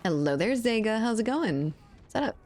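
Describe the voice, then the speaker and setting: Fairly high and very animated, her somewhat mellow voice moves at a moderate pace over slight background noise. She's a twenty-something streamer from South Louisiana, USA, playing a shooter, reading chat and chatting casually, joking and swearing often, with faint gunfire from the game.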